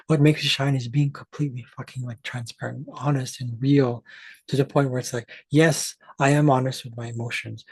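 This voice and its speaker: A man talks straight to his audience in an emphatic, swearing rant. His voice is husky and sits at an ordinary pitch. It sounds close and dry, with no room around it. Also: darkish tone, dry recording. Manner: emphatic, profane, restarts mid-sentence. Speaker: astrology channel host. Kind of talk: ranting monologue to camera.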